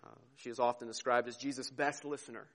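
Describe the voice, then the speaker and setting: A man preaching a sermon, earnest and heartfelt, dropping to a hush and then rising to emphasis, often repeating words as he goes. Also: mid-range voice, fairly even intonation, fast. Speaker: pastor.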